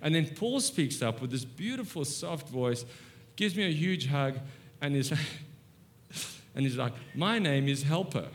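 Animated, self-mocking man preaching. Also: slow pace, long pauses, slight background noise. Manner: animated and self-mocking, swings between soft asides and excited high bursts. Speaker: guest preacher. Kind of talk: humorous sermon with storytelling. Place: church sanctuary.

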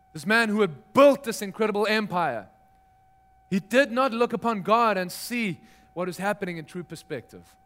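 A man's voice: sits high, fairly bright tone. A middle-aged man, a pastor, preaching a sermon in a conversational, storytelling way with touches of humor.

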